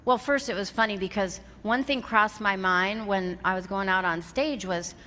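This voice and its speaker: A woman in her fifties, a motivational seminar speaker, delivers a keynote to a live audience in a large hall, speaking at normal speed in a mid-range voice. She tells stories animatedly and acts out the dialogue, with long hall reverb and faint background noise.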